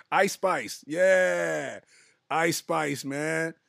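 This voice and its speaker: Young guy w/ aave, slow easygoing talk, bit high voice, laughing a lot, dry close sound. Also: gravelly, fairly bright tone, no echo. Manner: laughs often, slangy and loose, trails off with "man" and "boy". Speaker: podcast host reading live chat. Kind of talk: casual comedic chat.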